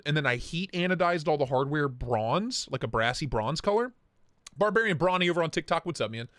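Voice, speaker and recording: A man hosting a casual livestream, excitable and hyped, cursing freely and greeting chat viewers by name. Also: a little high, no echo, studio quality. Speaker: livestream host reviewing knives.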